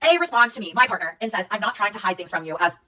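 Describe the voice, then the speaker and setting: Woman rattling off a storytime super fast, bright edgy voice, mic kinda far off. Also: mid-range voice, sing-song. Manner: rapid recounting, reading out text exchanges. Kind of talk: casual storytime monologue.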